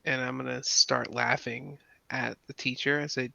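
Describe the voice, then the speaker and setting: A laid-back, slangy man playing a tabletop game, his voice gravelly yet bright and sharp. He talks slowly, and the dull, lo-fi mic sounds dry and close. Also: mid-range voice, level tone, no echo. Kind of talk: casual tabletop play.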